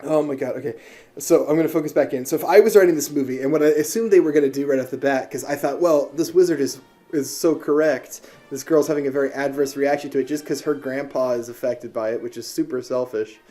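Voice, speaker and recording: Profane, mellow-voiced ranting man. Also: mid-range voice, quick pace, faint music behind. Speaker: movie reviewer. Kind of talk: ranting movie review.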